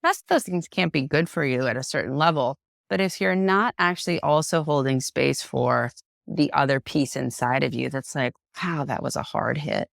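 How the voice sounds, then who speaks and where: A woman psychotherapist speaking as a podcast guest in an unscripted, frank and personal way, reflective and expressive. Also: extremely low pitch, normal speed, gravelly, no echo, studio quality. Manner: reflective, expressive, acts out quoted voices.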